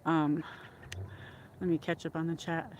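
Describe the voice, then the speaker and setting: A woman's voice: sits low, flat delivery, unhurried, darkish tone, muffled recording, a little hiss or hum. A woman hosting a casual walk-and-talk livestream outdoors by a lake, chatting in a rambling way with lots of fillers, a little out of breath from walking, on a handheld phone. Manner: chatty and rambling, with many "like"s and restarts. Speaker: livestream host.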